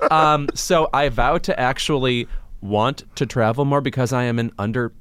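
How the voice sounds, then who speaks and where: A man in his thirties co-hosting a podcast in a studio, trading quick jokes with many ums and uhs. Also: mid-range voice, fairly bright tone, clean tone, no room sound. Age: 30s. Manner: quick joking quips, frequent fillers. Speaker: podcast co-host. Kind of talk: casual studio chat.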